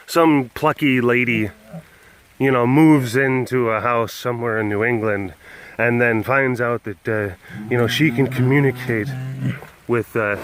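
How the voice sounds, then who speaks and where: Jokey, unhurried male vlogger. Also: medium pitch, fairly bright tone. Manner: jokey, self-mocking, chuckling. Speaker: webcast host. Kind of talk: casual rambling vlog talk.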